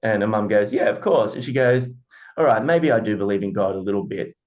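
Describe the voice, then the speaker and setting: A man, a podcast co-host telling animated stories and swearing freely. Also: lowish voice, a little fast, dull audio. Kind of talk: casual storytelling.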